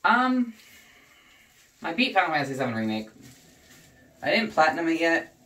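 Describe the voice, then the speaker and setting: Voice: medium pitch, normal speed, recorded from a distance. A young adult vlogger rants with heavy profanity and heated energy, sitting back from the microphone. The room lends a noticeable echo to the voice. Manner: profane, heated and animated ranting. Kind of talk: casual rant while dyeing hair. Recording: roomy echo, voice away from the mic.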